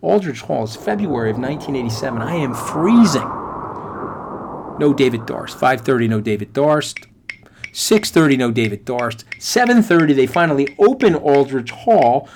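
A middle-aged man hosting a podcast, telling a motivational story in an animated, emphatic way and speaking straight to listeners. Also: medium pitch, normal speed, background noise. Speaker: podcast host.

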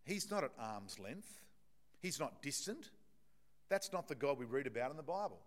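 A man's voice: medium pitch, big pitch swings, moderate pace. A man preaching a sermon to his congregation, talking in a conversational, emphatic way with frequent restarts and fillers.

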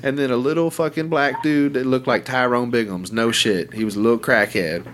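A man's voice: mid-range voice, fairly even intonation, brisk, a bit bright, a little hiss or hum. A man in casual podcast chat, telling a rambling, profane story.

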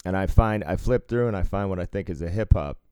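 Deep-voiced Northeastern man telling stories. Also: quick pace, a little mellow, smooth, dry recording. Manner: rambling, profane, laughs through stories. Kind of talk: casual storytelling chat.

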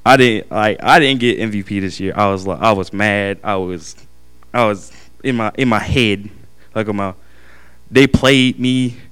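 A young man giving an earnest, halting personal testimony to his family and church, often restarting his sentences. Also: on the low side, fairly bright tone, clear, resonant tone.

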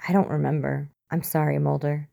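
A woman's voice: low-pitched, level tone, fairly quick, creaky, dark tone. A woman reading as an exasperated female agent. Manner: dry, clipped.

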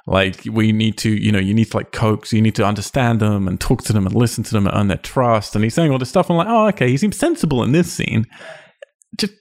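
Animated man chatting casually. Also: fairly low pitch, quick pace, few pauses. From England. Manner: animated, swears, laughs often. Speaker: podcast co-host reviewing a film. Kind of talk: casual chat.

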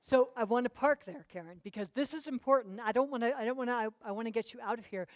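A woman's voice: on the high side, fast talker, dry recording. A woman leading a Bible study class, questioning her students and urging them to answer.

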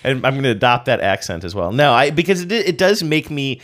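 A man's voice: medium pitch, fairly quick, a bit bright. A man in his forties co-hosting a chat show, joking at his own expense. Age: 40s. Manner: self-deprecating, chatty. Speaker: podcast co-host. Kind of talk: casual chat.

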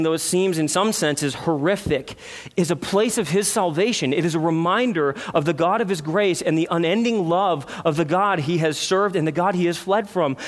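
A pastor preaches a sermon in a high, light voice, pressing his congregation with rhetorical questions. His delivery swings from loud emphasis to hushed reflection. The sound carries a long reverb from the church sanctuary.

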